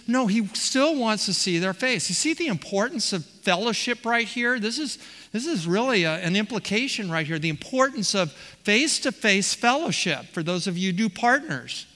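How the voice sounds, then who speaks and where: A man delivers an expository sermon in a high, bright voice, animated and forceful but at a normal speed. He repeats words for emphasis and questions the congregation, and the recording carries the long reverb of a big hall.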